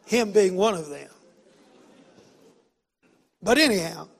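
High-voiced preacher in a reverberant hall. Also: male voice, animated, slow pace, gravelly. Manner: folksy, emphatic, repeats phrases, swings from loud to hushed. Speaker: pastor. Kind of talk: sermon storytelling.

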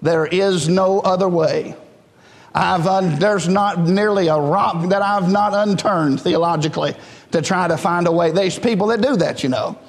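Pastor, male, high tenor, fervent call-and-response preaching, reverberant church hall. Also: moderate pace. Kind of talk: sermon. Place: church sanctuary.

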